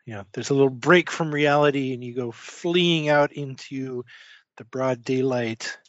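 A man narrating a tabletop horror game as game master, halting with many fillers. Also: mid-range voice, no echo, highs cut off.

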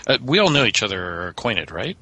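A man's voice: mid-range voice, sing-song, fast, bright, forceful tone, low-quality recording. A man playing a tabletop game who talks casually and jumps in eagerly. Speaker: player. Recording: clear background hiss.

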